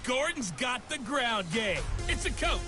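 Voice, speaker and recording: A man voicing a sports broadcast intro announcer in a video game, with lively promo delivery. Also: very high voice, unhurried, faint music behind, exaggerated voice.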